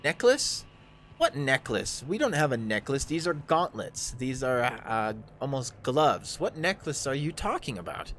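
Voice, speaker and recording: A man voicing a haughty male dark elf who serves a powerful master, condescending and drawn out. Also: medium pitch, sing-song, measured pace, slight background noise, voice pushed up. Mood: incredulous.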